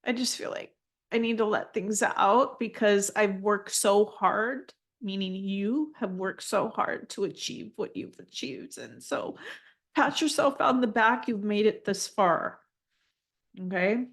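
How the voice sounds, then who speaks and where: A woman giving a live channeled spiritual reading, gentle and affirming, often repeating phrases as she passes messages on. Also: medium pitch, measured pace.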